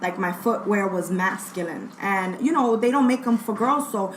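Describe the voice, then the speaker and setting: A woman from Brooklyn with a strong New York accent, telling stories as a guest in a casual group chat. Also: moderate pace. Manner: animated storyteller, quotes people in a higher voice. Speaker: guest sneaker collector. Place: sneaker store. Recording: echoey room with loud background noise.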